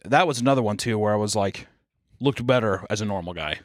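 A young man co-hosting a podcast in casual chat, riffing and joking with lively swings into put-on quoted voices. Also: fairly low pitch, no room sound, studio quality. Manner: animated, swearing, quick jokey riffs with put-on quotes. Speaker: podcast co-host.

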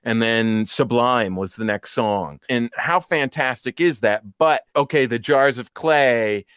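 A man in his thirties, a podcast guest, telling stories in an animated, chatty way with quick asides. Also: mid-range voice, clean tone, no room sound, clean studio sound. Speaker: podcast guest, polka band musician. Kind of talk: casual chat.

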